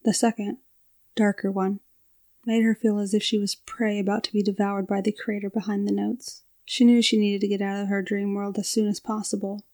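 A woman narrating a scripted story in a steady, even storytelling delivery. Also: mid-range voice, moderate pace.

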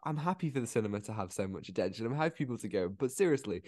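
A man co-hosting a casual film review podcast, chatty and quick to laugh, often restarting his sentences. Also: lowish voice, expressive, darkish tone, dry recording. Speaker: podcast co-host.

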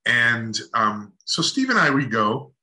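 A man's voice: medium pitch, very animated, slow, sharp tone, low-quality recording. A middle-aged man as a guest on a talk show, telling a long anecdote in a rambling way with restarts and laughs. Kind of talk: casual storytelling chat.

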